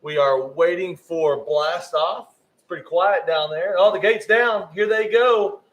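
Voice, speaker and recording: A man's voice: high-pitched, measured pace, fairly bright tone, poor audio. A man giving live race commentary, often stumbling over rider names and correcting himself.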